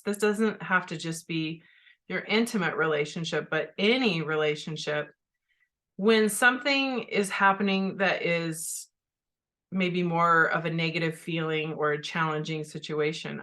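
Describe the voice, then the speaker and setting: Woman, middle-aged, podcast host, candid storytelling and coaching, lowish pitch. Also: sharp tone. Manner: candid, speaks straight to listeners. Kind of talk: personal storytelling and coaching monologue.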